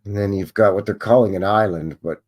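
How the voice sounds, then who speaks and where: A man's voice: fairly low pitch, fairly quick, darkish tone. A man hosting a live stream, musing and chatting as he thinks aloud over old photographs.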